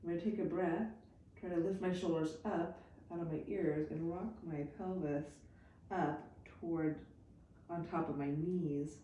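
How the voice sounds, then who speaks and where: A woman teaching a yoga class, calmly talking students through poses and breaths. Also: on the low side, distant mic, highs cut off, slight background noise. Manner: calm, unhurried cueing with breath counts. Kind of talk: guided yoga instruction. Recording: very echoey room, off mic.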